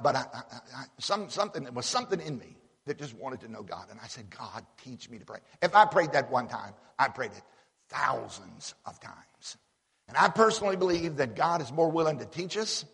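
A man's voice: a little high, a bit bright, slightly rough. A man preaching a sermon in a folksy, emphatic way, often repeating words as he builds a point. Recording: long hall reverb.

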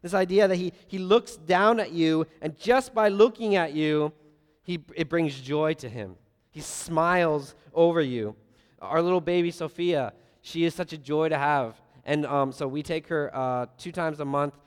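A man preaching a sermon, earnest, swinging between loud emphasis and soft, quiet lines. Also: a little high, unhurried, smooth. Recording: long reverb of a large hall.

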